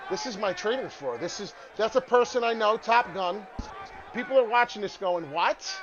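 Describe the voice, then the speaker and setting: A man hosting a casual crypto livestream, talking in an excitable, rambling way with frequent swearing. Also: high voice, moderate pace, highs cut off, a crowd in the background, background noise. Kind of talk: casual live chart talk.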